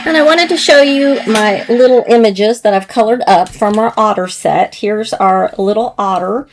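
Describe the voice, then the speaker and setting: Woman, middle pitch, slightly hoarse, chatty craft tutorial host working with her hands. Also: moderate pace. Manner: chatty, gentle, talks while working with hands. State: slightly hoarse, clearing throat. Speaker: card-making demonstrator. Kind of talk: casual crafting tutorial narration.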